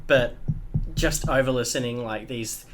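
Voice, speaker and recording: A man's voice: medium pitch, unhurried, noisy background. A young Australian man co-hosting a podcast, joking crudely and laughing often in casual chat. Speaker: podcast co-host.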